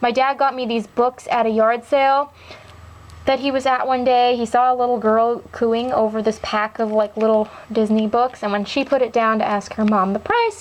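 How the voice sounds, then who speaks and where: A young woman with a fairly high voice talks through her doll collection in an easy show-and-tell way. She rambles and leans on fillers as she goes. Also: fairly even intonation, moderate pace, rough recording. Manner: chatty and rambling, with many fillers. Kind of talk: casual show-and-tell chat.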